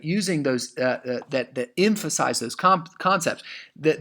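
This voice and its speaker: A man's voice: mid-range voice, a bit bright. A male English teacher in a recorded lesson, explaining essay writing with many fillers and restarts and reading quotations aloud punctuation and all. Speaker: high school English teacher. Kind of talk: recorded lesson walking through an essay example.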